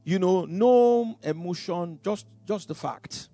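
A man preaching a sermon. He is dramatic, bursts out loudly, chuckles between phrases, and stumbles over repeated words. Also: sits high, takes it slowly, no echo, faint music behind.

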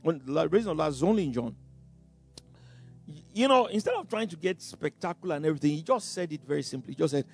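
A male preacher delivers a sermon in a fairly high, gravelly voice. His pitch swings widely as he builds to sudden loud bursts and chuckles between phrases. Faint music plays behind him. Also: very animated, quick pace.

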